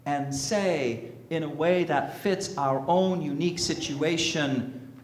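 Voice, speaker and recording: Male minister, sermon, slow deliberate delivery, rhetorical questions, faint room noise, echoey hall. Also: fairly high pitch. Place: sanctuary with congregation.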